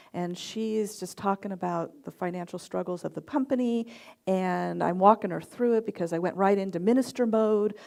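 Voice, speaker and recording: A woman's voice: medium pitch, gravelly, darkish tone. A middle-aged woman minister giving a sermon with personal stories, acting out her own reactions as she tells them. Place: church service.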